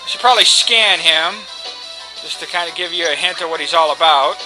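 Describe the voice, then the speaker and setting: A man's voice: a little high, a little fast, low-quality recording. A man giving casual, cocky, joking commentary while playing a video game, swearing freely. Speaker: let's play commentator. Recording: game music behind.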